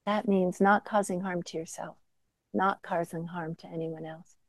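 A woman meditation teacher giving a gentle, conversational dharma talk with self-deprecating asides. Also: fairly low pitch, steady tone, normal speed, dry recording, rough recording.

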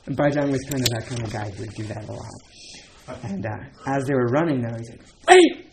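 A man's voice: mid-range voice, fairly quick, background noise. A man giving a dharma talk as a Zen teacher, casual and chatty, with many fillers and laughs between points.

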